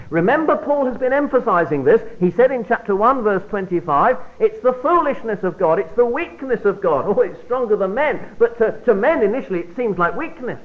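Male preacher, Bible study sermon, lively swooping delivery, quiet low drops, thin phone-like sound. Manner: expressive, emphatic delivery with sudden drops to quiet. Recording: phone-like narrow band.

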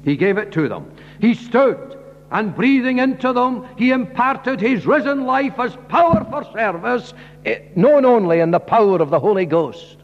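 A man's voice: extremely high pitch, expressive, moderate pace. A man preaching a sermon, earnest and emphatic, often asking the listeners questions directly. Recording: dull recording in a large hall with faint hum.

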